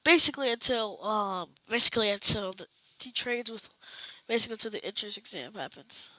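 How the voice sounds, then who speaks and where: Woman, improvised fan story narration, rambling, self-correcting, bright voice, dry room. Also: medium pitch, brisk, no room sound, poor audio. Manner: rambling, many restarts.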